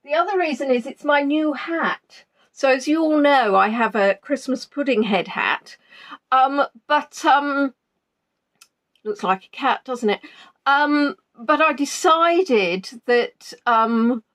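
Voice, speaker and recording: A woman chatting casually from her spare room at home before an online tour, greeting viewers by name with plenty of ums. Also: on the high side. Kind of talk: casual pre-tour chat on a live stream.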